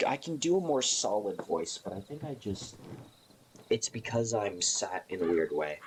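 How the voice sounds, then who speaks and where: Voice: sits low, lively intonation, moderate pace, husky. A live streamer chatting casually to viewers in a playful, self-mocking, rambling way.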